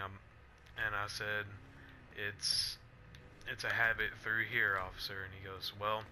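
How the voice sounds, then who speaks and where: A man's voice: on the low side, flat delivery, measured pace, sharp tone, slight background noise. A young man telling a rambling story in casual chat while playing a game, with frequent restarts and fillers, breaking off now and then to react to the action. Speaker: gamer vlogger. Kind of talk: casual chat over gameplay.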